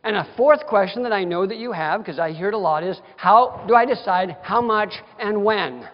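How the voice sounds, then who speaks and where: Speaking at a moderate pace in a voice that sits high, this man lectures dentists in a continuing-education session, his style folksy, direct and emphatic. The lecture hall setting comes through as a dull sound with long reverb.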